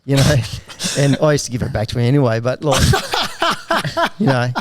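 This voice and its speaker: A man's voice: mid-range voice, wildly swooping pitch, normal speed. A middle-aged man chatting as a podcast guest, telling stories with lots of laughter and swearing. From Australia. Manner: laughing, profane storyteller. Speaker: guest jockey. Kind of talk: casual podcast chat.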